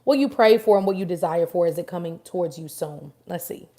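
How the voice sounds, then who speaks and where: A woman's voice: on the low side, brisk. A woman giving a live-stream tarot reading, chatting casually and affectionately with viewers by name and answering their questions. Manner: chatty, warm, affirming, addresses viewers directly. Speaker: tarot reader.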